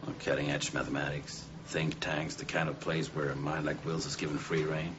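An actor playing an earnest, insistent middle-aged math professor in film dialogue. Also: male voice, a bass voice, level tone, fairly quick. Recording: muffled film audio with background noise.

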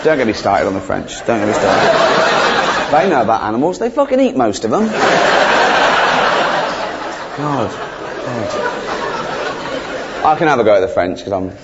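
Cheeky swearing comedian. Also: male voice, lowish voice, expressive, moderate pace, pauses often, over a noisy crowd. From England. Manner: cheeky, swearing, mock-exasperated. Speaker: stand-up comedian. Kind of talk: stand-up comedy. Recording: dull live recording, background noise.

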